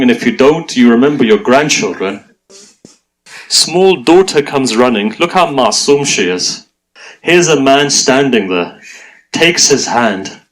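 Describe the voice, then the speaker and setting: A man's voice: medium pitch, poor audio. A man reciting a mourning sermon, emotional and full of rhetorical questions put to his audience. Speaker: religious speaker.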